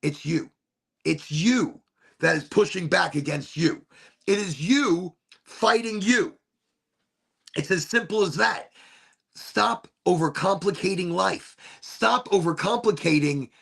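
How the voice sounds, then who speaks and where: A man hosting a casual talk show, musing in a rambling, animated way while smoking, often repeating his phrases. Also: high voice, vocal fry, breathy edge. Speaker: podcast host.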